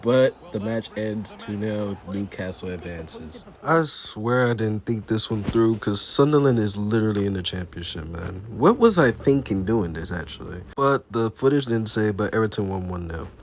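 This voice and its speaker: A young man giving casual, rambling commentary over his football video game, often saying "y'all" and "anyway", and getting excited over goals. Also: lowish voice, normal speed, few pauses. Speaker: gaming YouTuber. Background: background music.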